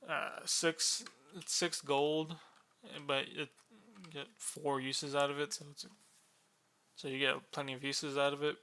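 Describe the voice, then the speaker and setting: A man casually explaining the rules of a board game unit, relaxed and drowsy, with many fillers and yawns. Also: a little high, measured pace, clear, resonant tone.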